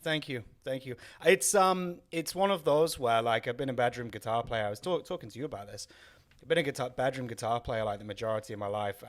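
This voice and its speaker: A young man from North Wales with a mixed, faintly Welsh accent, chatting casually on a podcast, rambling with many fillers and restarts. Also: medium pitch. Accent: mixed, faintly Welsh with southern English traces. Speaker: podcast co-host. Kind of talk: casual chat.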